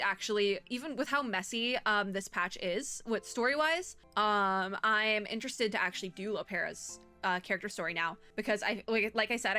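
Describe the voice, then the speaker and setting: A woman's voice: mid-range voice, pushed and bright. A young woman giving casual, rambling commentary while playing a game, laughing often and using lots of fillers. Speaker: streamer playing and reading a game story.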